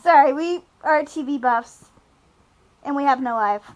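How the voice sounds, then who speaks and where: An unhurried young adult woman with a high voice co-hosts a casual TV podcast, captured on low-quality audio. Recapping an episode, she rambles, giggles, and uses many fillers.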